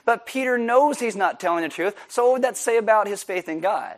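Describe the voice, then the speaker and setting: A man, preaching a sermon in a casual, jokey way that drops soft for emphasis. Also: high-pitched, lively intonation, normal speed, hardly any pauses. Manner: conversational, jokey, dips quiet for emphasis. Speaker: pastor.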